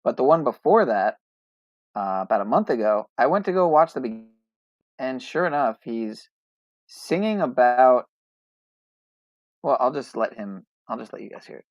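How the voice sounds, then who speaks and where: A man's voice: medium pitch, lively intonation, normal speed, long pauses, no room sound. Man, podcast host, rambling, hesitant, dull lo-fi sound, very dry. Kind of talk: casual chat.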